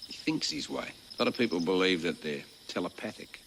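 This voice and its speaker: Gravelly, low laconic bushman. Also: sing-song, fairly quick, very noisy, heavily acted. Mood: dry. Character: laconic rugged bushman, grown man. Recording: film clip with reverb and loud music. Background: loud film score.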